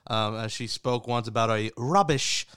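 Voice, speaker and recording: A man's voice: mid-range voice, moderate pace, fairly bright tone, clean tone, dry recording, studio quality. A man hosting a radio show, asking a guest questions in a joking, conversational way. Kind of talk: casual interview questions.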